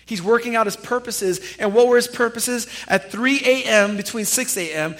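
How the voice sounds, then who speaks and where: A man preaching a sermon as pastor, animated and firing rhetorical questions at his congregation. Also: extremely high pitch, normal speed, hardly any pauses. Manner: addresses listeners familiarly.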